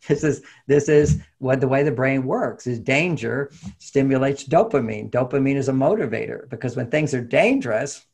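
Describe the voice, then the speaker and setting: Brief: male interview guest, gravelly and a little husky, animated advice-giver. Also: medium pitch, normal speed. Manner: animated, acts out quoted voices, laughs often. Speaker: relationship author and guest. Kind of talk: conversational interview talk.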